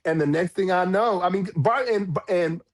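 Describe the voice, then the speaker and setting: A man telling a story as a podcast guest, frank and animated, with cursing and sudden high jumps in pitch when he quotes people. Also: normal speed. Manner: frank, swears freely. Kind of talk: storytelling in a casual interview.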